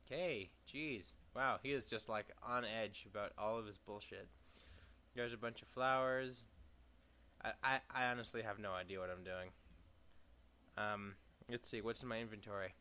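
Bright-voiced young man, profane game commentary. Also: lowish voice, fairly even intonation, normal speed, pauses often. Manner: profane, sarcastic, reads game text aloud; sudden loud outbursts. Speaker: let's play gamer. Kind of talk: casual gameplay commentary.

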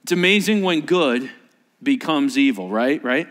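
A man's voice: mid-range voice, expressive, unhurried, fairly bright tone. A male pastor preaching a sermon in a large church auditorium, telling the story animatedly and acting out the scenes. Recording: echoey large hall.

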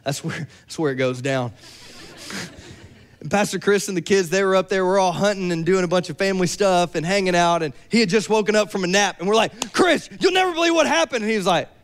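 A young adult man preaching a sermon, lively and joking with playful asides. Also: sits high, fairly quick, clear, resonant tone. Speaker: pastor.

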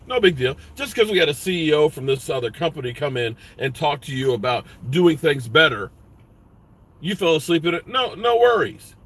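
A man's voice: a little high, lively intonation, fairly quick, fairly bright tone. A man hosting a sports vlog, ranting bluntly with lots of profanity. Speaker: sports vlogger.

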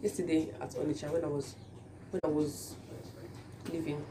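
A woman's voice: deep voice, flat delivery, normal speed, dark tone, recorded from a distance. Young Nigerian woman vlogger, just-woke-up voice, chatty with lots of restarts, in a noisy spot. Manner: chatty, repeats words and restarts a lot. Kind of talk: casual chat to camera.

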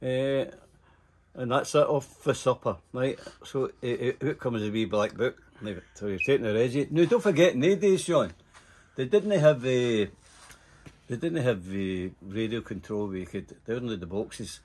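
A man's voice: medium pitch, normal speed, darkish tone. Older Scottish man, rambling and profane. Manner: rambling, profane, full of "eh" fillers. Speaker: interviewee telling stories. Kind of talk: casual storytelling.

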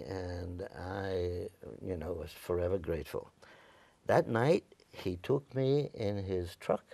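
A man's voice: on the low side, creaky, darkish tone, no echo. A man in his nineties from Staten Island, New York, telling his memories in an oral history interview. He rambles a little and acts out the voices of the people in his stories. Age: older; 90s. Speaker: veteran interviewee.

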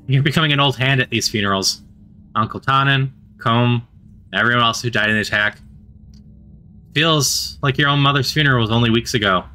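A man reading a visual novel aloud as narrator, steady and gentle, with casual asides of his own. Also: medium pitch, fairly quick. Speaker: narrator and player. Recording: faint music behind the voice.

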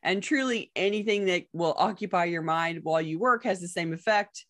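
A woman's voice: on the low side, normal speed. A woman podcast host and professional organizer, chatting casually, telling stories and laughing often. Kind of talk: casual chat.

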